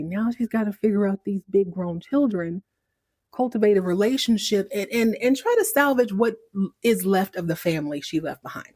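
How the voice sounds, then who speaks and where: A woman hosting a podcast, recapping a TV episode in a sassy, animated, riffing way. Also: medium pitch, dry recording, studio quality. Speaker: podcast host.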